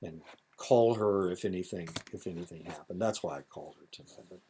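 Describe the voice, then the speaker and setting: A man's voice: sits low, fairly quick, background noise. A man in his seventies with an Indiana accent, giving a recorded lecture in a rambling, digressive way with many fillers and asides. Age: 70s.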